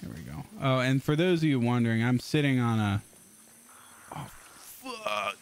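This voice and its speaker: A young man casually commenting on his gameplay as a streamer, excitable and swearing often. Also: mid-range voice, fast, clear, resonant tone.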